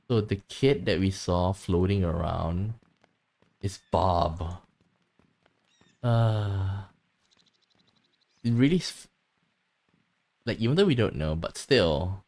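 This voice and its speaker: A man's voice: low-pitched, expressive, takes it slowly, pauses often, darkish tone. A man casually commenting while playing a story game, thinking aloud with unfinished sentences. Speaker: gaming streamer.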